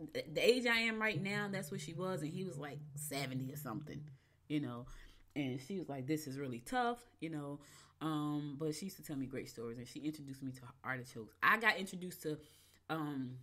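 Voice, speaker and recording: A woman's voice: sits low, a bit bright. A woman podcast host telling a casual story. She drifts from one memory to the next and acts out the lines of the people in it. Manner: chatty, digressive, acts out quoted dialogue.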